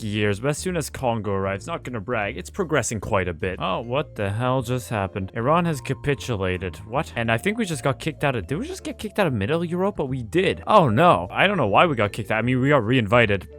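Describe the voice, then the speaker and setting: Young male gaming host, mid pitch, dry sarcastic running commentary over faint background music. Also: fairly bright tone. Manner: sarcastic, self-mocking, quick swearing cut short. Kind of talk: casual gameplay commentary.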